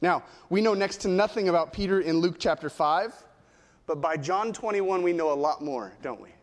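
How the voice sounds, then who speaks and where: A man preaching a sermon, teaching in a measured way and posing rhetorical questions to the congregation. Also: high voice. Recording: long hall reverb.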